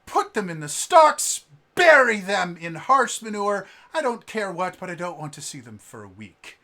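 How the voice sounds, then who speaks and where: A man voicing a furious, cold, commanding woman innkeeper who scolds and threatens as she shouts from off-mic. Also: high-pitched, big pitch swings, normal speed, pitched above the performer's own voice, full character voice.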